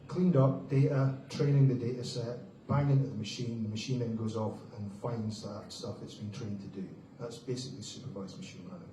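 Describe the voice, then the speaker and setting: A man giving a brisk, joking conference talk and addressing the audience casually as folks. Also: medium pitch, steady tone, background noise. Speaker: conference speaker. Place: large conference hall. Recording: echoey hall, distant mic, faint ambience.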